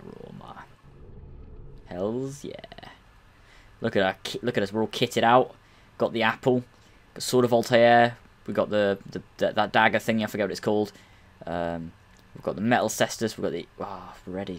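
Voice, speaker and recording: A young man, giving chatty, excitable commentary while playing a video game. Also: on the low side. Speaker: let's play gamer. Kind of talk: casual gameplay commentary.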